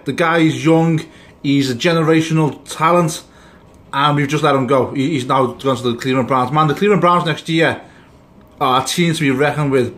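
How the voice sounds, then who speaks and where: A man ranting angrily about his football team in a reaction video, swearing and rambling as he vents his frustration. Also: on the high side. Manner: angry, swearing, rambling rant. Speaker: sports fan vlogger.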